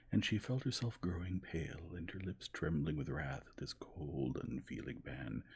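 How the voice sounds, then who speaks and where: Male narrator, whispered role-play; deep, airy, gentle delivery. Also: gravelly, husky. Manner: soft, slow, gentle. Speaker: narrator reading a novel aloud.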